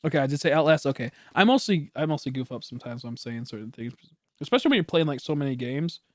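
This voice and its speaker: A man's voice: medium pitch, animated, fast, no echo, clean studio sound. A young man streaming from home, chatting casually in a rambling, self-correcting way, swearing now and then and coughing at times. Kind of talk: casual chat.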